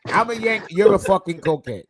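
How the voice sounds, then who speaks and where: A man with an American accent, trash-talking loudly and mockingly in a heated online panel debate. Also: high voice, fast talker, crowd noise. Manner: loud, mocking, animated trash talk.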